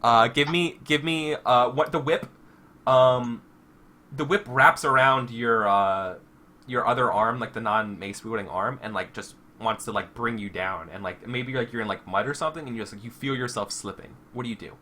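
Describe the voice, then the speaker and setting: A man's voice: medium pitch, normal speed, bright, forceful tone. A man running a tabletop game as game master, narrating with lots of fillers and restarts. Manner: hesitant, full of fillers and restarts.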